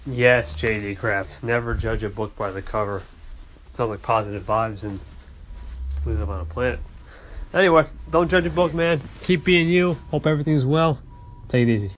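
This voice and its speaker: A man's voice: medium pitch, normal speed. A man hosting a call-in chat, answering callers in a rambling, encouraging way. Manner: laid-back, rambling, encouraging. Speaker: host. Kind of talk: casual call-in reply. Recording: noisy background.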